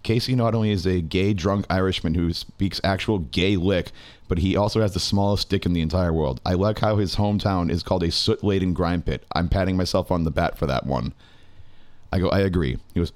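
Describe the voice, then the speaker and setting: Deep-voiced man reading texts aloud. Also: a little fast, dry recording. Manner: reading long text messages aloud in a dry, steady delivery. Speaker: podcast co-host. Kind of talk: casual comedy podcast chat.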